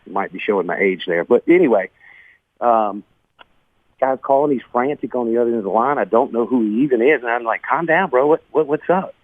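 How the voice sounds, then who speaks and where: A man's voice: medium pitch, a little fast, dry recording. Earnest man with a tinny sound. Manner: earnest, emotional, says "man" and "bro" often. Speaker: guest, business owner. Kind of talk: conversational interview storytelling.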